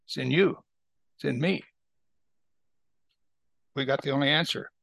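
An older man leads a Bible study in a chatty, conversational way and keeps checking that his listeners follow. His voice is gravelly and bright, a little above the usual pitch for a man. It is recorded close and dry. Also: a little slow, dry recording. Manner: conversational, asks listeners to agree.

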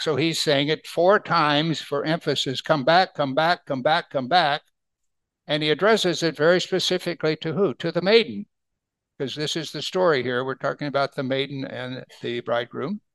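A man's voice: fairly high pitch, a bit bright, no room sound. A man preaching a sermon, explaining Bible verses and asking his listeners rhetorical questions. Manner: slows down to read scripture aloud. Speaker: pastor.

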